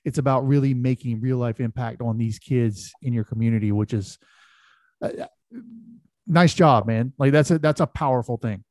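A man's voice: medium pitch, moderate pace, a little mellow, no echo, studio quality. A man hosting a podcast interview, enthusiastic and praising, often restarting and repeating words. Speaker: podcast host.

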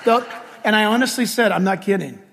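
An older man preaching a sermon as pastor, telling stories in an animated, humorous way. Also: high-pitched, a little fast, creaky, long reverb tail.

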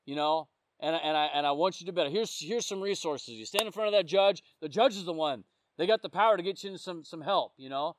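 A man with a fairly high voice delivers a casual sermon, telling stories from his work as a police officer. He keeps it conversational and keeps checking in with the room. The sound is close and dry. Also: quick pace, dry recording. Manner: conversational storytelling, often checking in with the listeners. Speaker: police officer sharing testimony. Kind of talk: informal sermon.

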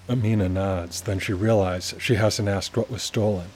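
A man narrating a children's adventure story in a calm, measured reading. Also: fairly low pitch, slightly rough.

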